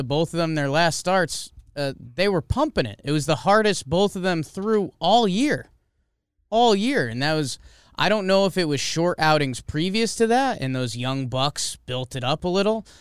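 A man in casual sports-podcast chat, lively and quick with his asides, laughing easily. His voice comes through very smooth and clean, set close to the mic in a dry room. He talks a touch above the usual pitch. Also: no room sound. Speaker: podcast co-host.

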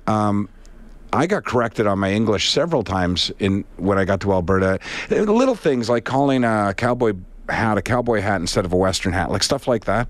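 A man's voice: on the low side, lively intonation, a little fast, no room sound. A man with a Canadian accent, co-hosting a radio show in easygoing, chatty talk. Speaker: radio co-host. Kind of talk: casual on-air chat.

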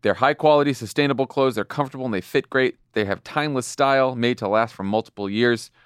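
A man's voice: medium pitch, clean tone, dry recording, studio quality. A man hosting a podcast, reading sponsor ads in an upbeat, casual way. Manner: fast, upbeat ad-read delivery. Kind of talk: ad reads in casual chat.

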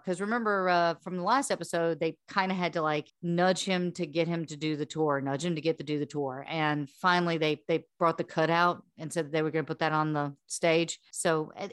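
A woman hosts a podcast and walks her co-hosts through a story in a relaxed, chatty way, often laughing and repeating herself. Her voice sits a little low, and the sound is dry and close. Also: dry recording. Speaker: podcast host. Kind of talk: casual storytelling chat.

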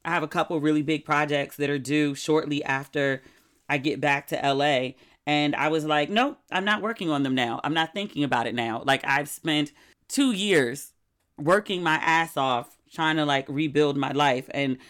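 A middle-aged woman hosting a podcast, chatting casually in a candid, wry, animated way. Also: sits low, moderate pace. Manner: candid, wry and animated, with sudden quoted outbursts. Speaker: podcast host. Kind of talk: casual solo podcast chat.

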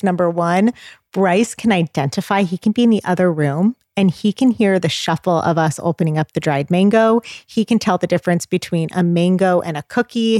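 Woman in her thirties, lower voice, earnest explanatory tone, dry close sound. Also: darkish tone, no echo. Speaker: child feeding expert guest. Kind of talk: casual advice chat.

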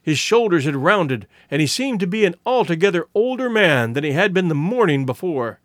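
A man narrating a classic story as an audiobook in an expressive, measured way. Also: fairly high pitch, no echo, studio quality.

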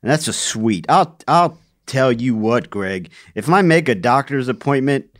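A man's voice: medium pitch, animated, a little slow, a bit bright. A man co-hosting a podcast, chatting casually and playfully, laughing often and going off on joking tangents. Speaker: podcast co-host. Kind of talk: casual comedic banter.

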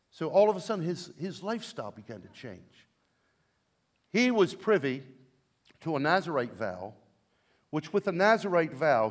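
Here a man with a slightly high voice preaches as pastor, leading the congregation through call and response. His delivery shifts back and forth between booming emphasis and softer asides.

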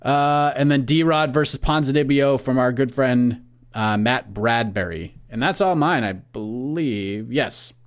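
An American man co-hosting a casual sports podcast, calmly reading through lists of fight matchups. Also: medium pitch, unhurried. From United States. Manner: relaxed, reads lists of matchups. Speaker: podcast co-host.

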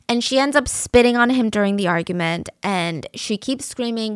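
A woman's voice: fairly high pitch, expressive, moderate pace, hardly any pauses, clean tone, no echo, studio quality. A woman telling a true-crime case in a casual, conversational, opinionated way, using fillers like "so" and "like".

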